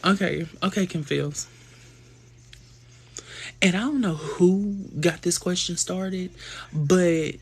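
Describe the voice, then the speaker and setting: A man hosting a live stream, chatting casually and telling gossipy stories full of slang and quick asides. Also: sits high, creaky, breathy edge. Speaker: livestream host.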